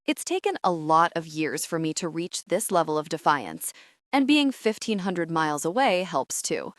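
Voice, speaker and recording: A woman giving wry, expressive first-person narration of a romance audiobook. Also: deep voice, moderate pace, no echo, studio quality.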